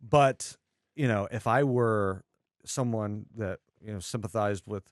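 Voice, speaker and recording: A man's voice: fairly low pitch, a little slow, no room sound, studio quality. A man in his thirties co-hosting a podcast, defending a film in casual chat with hesitant, meandering phrasing. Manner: hesitant, with fillers and restarts. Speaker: podcast co-host. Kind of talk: casual movie review chat.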